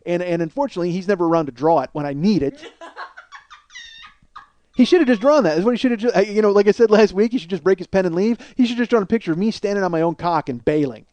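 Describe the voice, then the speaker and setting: A man's voice: sits high, animated, fast, dark tone. A man telling a rambling, profane, self-deprecating comedic story as a podcast host.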